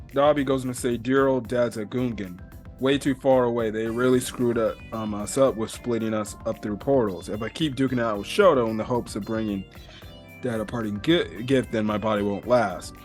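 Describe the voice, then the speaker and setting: A man casually recapping a comic chapter in a rambling way, full of fillers and the odd swear word. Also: medium pitch. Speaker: manga reviewer.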